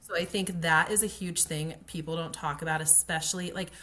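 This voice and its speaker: A woman's voice: lowish voice, steady tone, fairly quick, sharp tone. A woman, a guest telling her pregnancy story in a casual, chatty way, full of "like" and acted-out quotes. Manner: chatty, frequent "like" fillers, acts out quoted dialogue. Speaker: guest, pelvic floor occupational therapist.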